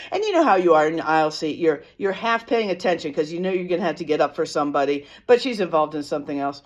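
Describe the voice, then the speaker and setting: A woman's voice: fairly low pitch, highs cut off. A tired woman vlogger telling a story in a loose, casual way. She rambles, restarts her sentences and fills gaps with ums. She is self-deprecating.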